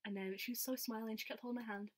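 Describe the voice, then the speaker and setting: A young woman telling a story in a casual, excited, chatty vlog style, full of "like" fillers. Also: on the high side, very fast. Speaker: vlogger.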